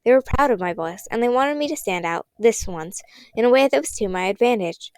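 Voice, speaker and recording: A woman narrating a novel in a gentle, measured reading voice. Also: a little high, expressive, dry recording. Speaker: audiobook reader. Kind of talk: storybook narration.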